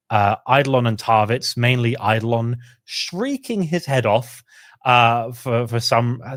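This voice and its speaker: A man co-hosting a casual podcast, chatting through a story and acting out characters' lines in quick asides. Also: mid-range voice, dry recording, studio quality. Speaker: podcast co-host. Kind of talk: casual lore discussion.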